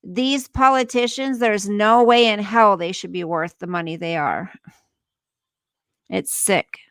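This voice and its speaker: A woman's voice: medium pitch, steady tone, a little slow, a bit bright, smooth, no room sound. A woman hosting a casual livestream, ranting indignantly, swearing, and reading news aloud to her viewers. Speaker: livestream host.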